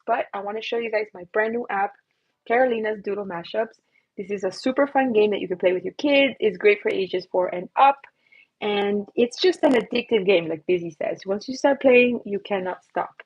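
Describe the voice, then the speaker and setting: A woman's voice: mid-range voice, breathy edge, dry recording, dull audio. Giggly chatty woman streaming her doodles. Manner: giggly, chatty, self-mocking. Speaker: drawing livestream host. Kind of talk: casual livestream chat while drawing.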